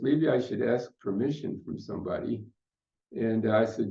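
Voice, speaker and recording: An older man speaking at a conference, telling a personal story in an unhurried, reflective way with fillers. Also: mid-range voice, mellow. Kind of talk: storytelling talk. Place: conference hall. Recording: muffled roomy hall recording.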